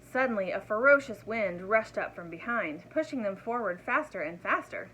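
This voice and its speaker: A woman reading a picture book aloud to children in an expressive voice, turning to her young listeners with asides. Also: medium pitch, normal speed, husky, rough recording. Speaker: storyteller.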